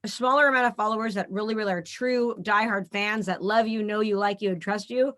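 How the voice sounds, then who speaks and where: Fast-talking emphatic woman host. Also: mid-range voice, steady tone, fairly bright tone. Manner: emphatic, eager, quick restarts. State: tired, yawning. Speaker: podcast host. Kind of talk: casual interview chat.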